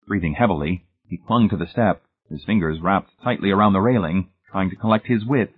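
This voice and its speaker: Male audiobook narrator, low and husky, measured and suspenseful, phone-like lo-fi sound. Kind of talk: scripted narration.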